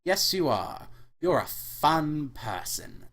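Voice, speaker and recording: A man's voice: a little high, very animated, slow, fairly bright tone, voice pushed up, exaggerated voice. Man as cheery flirtatious neighbor woman, voice nudged up, comic read. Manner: cheery, laughing.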